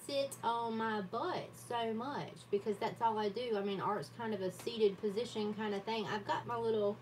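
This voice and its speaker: A woman's voice: on the high side, fairly even intonation, normal speed, darkish tone. Woman, casual livestream chat, laughs at herself, distant mic, light room noise. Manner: chatty, self-deprecating, laughs often. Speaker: livestream host. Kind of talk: casual chat while journaling. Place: home art desk.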